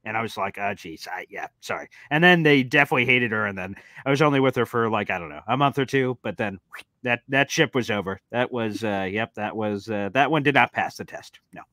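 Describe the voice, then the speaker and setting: Male host, bright and animated anecdote-teller, tight dry sound. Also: mid-range voice, a little fast, no room sound. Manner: animated, acts out voices in his anecdotes. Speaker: show host. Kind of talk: casual chat.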